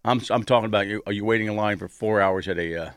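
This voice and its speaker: A man's voice: lowish voice, fast talker, clear, resonant tone, dry recording, clean studio sound. A man hosting casual radio banter, rambling and crude, laughing often.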